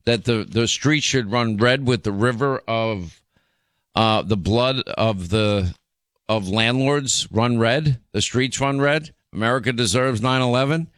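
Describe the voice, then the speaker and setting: A man's voice: medium pitch, measured pace, fairly bright tone, smooth, no echo. A man hosting a radio and podcast show, talking in an indignant, emphatic way with many restarts. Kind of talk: talk radio commentary. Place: radio studio.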